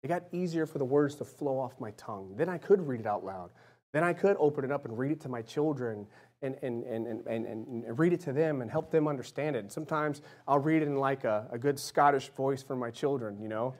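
A man in his thirties preaching a casual sermon, conversational, often checking in with "right?" and "amen?", sometimes acting out little voices and dropping soft and low. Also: brisk.

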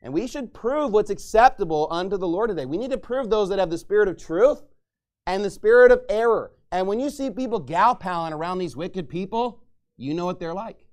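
A man preaching a fiery sermon as pastor, angry and mocking, shouting at times. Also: high-pitched, lively intonation, brisk.

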